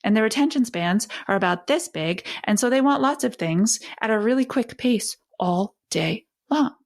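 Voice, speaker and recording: A woman parenting educator hosting a talk, speaking expressively and acting out warm back-and-forth with a child as she teaches. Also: a little high, moderate pace. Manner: expressive, emphatic, acts out dialogue with a child.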